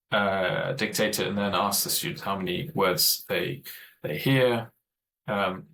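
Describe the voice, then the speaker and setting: A man's voice: on the low side, fairly bright tone, rough recording. A man giving an online training presentation for teachers, explaining methods in a thoughtful way and often correcting himself mid-sentence.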